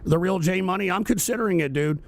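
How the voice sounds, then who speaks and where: A man with a very high, gravelly voice hosts a live political stream and rants profanely, often shouting. The sound is close and dry, with no room around it. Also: quick pace, no echo. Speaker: host of a political talk stream. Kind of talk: live-streamed talk show, responding to chat.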